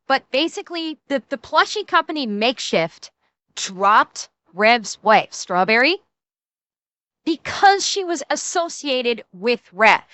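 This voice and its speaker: A woman's voice: sits high, bright, forceful tone, no room sound. A woman streamer giving casual reaction commentary, blunt and profane, often restarting her sentences.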